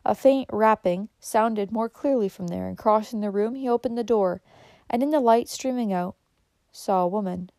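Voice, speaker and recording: A woman narrating a story in a measured, gentle reading manner. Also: medium pitch, no echo.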